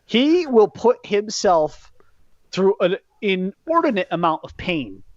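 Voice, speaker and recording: A man hosting a podcast, ranting in a casual, profane way about a wrestling event, jumping between loud outbursts and low muttering. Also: very animated, slow pace, no echo. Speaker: podcast host. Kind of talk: casual wrestling recap rant. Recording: dull lo-fi podcast mic.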